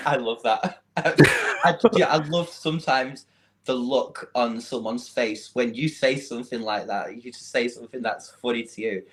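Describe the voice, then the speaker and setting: A man's voice: medium pitch, measured pace. A man with a Mancunian accent chatting as a podcast guest, giggly and self-deprecating, laughing often. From Manchester, England. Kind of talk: casual chat.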